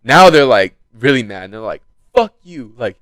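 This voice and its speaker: A young man co-hosting a podcast, telling a story in casual chat and acting out quotes with sudden jumps in pitch, swearing freely. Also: sing-song, normal speed, a bit bright, no echo. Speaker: podcast co-host.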